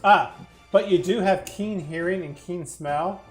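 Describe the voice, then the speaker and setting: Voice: medium pitch, a little slow, soft background music. A game master narrating a tabletop game in casual chat, often laughing through vivid descriptions. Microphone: headset or desk mic in an online stream.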